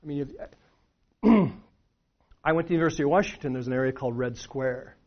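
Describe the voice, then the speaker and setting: A man's voice: mid-range voice, fast talker. A middle-aged man preaching a sermon in a conversational way, full of restarts and rhetorical questions. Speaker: pastor. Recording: dull lo-fi sound.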